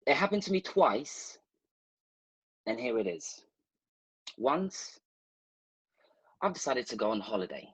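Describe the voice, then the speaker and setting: A man with a husky, breathy voice tells a rambling story in playful asides, turning to the listeners as he goes. The sound is dry and close, with no room around it. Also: medium pitch, sing-song, slow pace, long pauses, a bit bright, no echo, low-quality recording. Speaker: guest. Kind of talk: casual anecdote telling.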